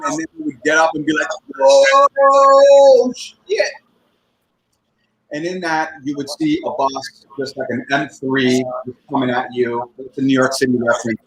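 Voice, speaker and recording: Rambling, profane comedian on a video call. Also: male voice, a little high, fairly bright tone, breathy edge, low-quality recording. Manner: rambling and profane, laughing at his own jokes. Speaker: stand-up comedian. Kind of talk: stand-up set on a video call show. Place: at home in front of a computer. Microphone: computer microphone on a video call.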